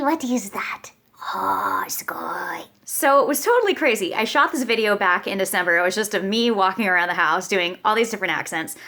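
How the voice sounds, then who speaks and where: A young woman chatting casually to camera as a vlogger, bubbly and animated, jumping into high squeals when she quotes herself.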